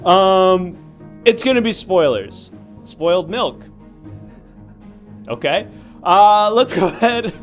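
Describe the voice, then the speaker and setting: Man, comedy host, mock judge, slightly high voice, faint music behind. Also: lively intonation, slow, long pauses. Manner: mock-formal courtroom patter, bemused. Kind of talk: improvised comedy.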